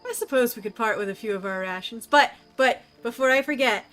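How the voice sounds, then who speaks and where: A woman's voice: on the high side, fairly quick, a bit bright, faint music behind. A woman streamer chatting casually and rambling with jokes while playing a game. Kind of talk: casual gameplay commentary.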